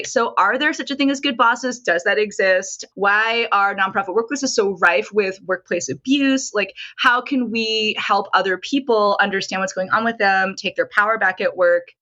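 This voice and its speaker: A woman being interviewed on a podcast as a nonprofit consultant and coach, telling her story in an animated way with lots of "like". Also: mid-range voice. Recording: dull lo-fi sound.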